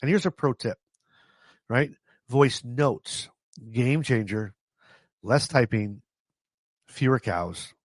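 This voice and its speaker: A Canadian vlogger with a mid-range voice and lively intonation tells stories from his own life to camera in a chatty, self-mocking way. He goes slowly with long pauses, often breaks into laughter, and trips over words before restarting. His voice sounds close and dry, with no room sound.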